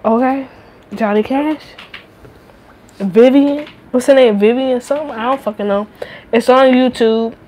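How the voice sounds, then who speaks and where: A woman's voice: high-pitched, a little slow, long pauses, dark tone, poor audio. Profane rambling woman streamer. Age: late 20s. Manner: profane, rambling, talks back to chat. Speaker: livestreamer. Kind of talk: casual livestream chat.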